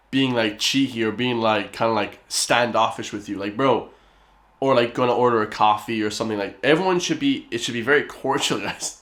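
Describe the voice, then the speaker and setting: A man's voice: medium pitch, a bit bright. Irish male host, casual slangy reaction commentary. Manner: slangy and laid-back, says bro a lot.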